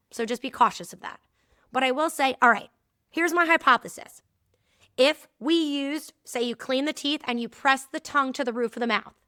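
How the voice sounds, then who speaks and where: A woman in her thirties hosting a solo podcast, telling stories and teaching in a candid, animated way with frequent laughs. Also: high voice, smooth, dry recording, studio quality. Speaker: podcast host and movement teacher. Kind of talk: casual solo podcast talk.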